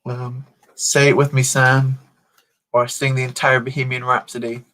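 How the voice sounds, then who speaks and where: A man's voice: mid-range voice, flat delivery, moderate pace, sharp tone. A man chatting casually on a livestream while building a toy set, joking and poking fun at himself. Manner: chatty, joking, self-mocking.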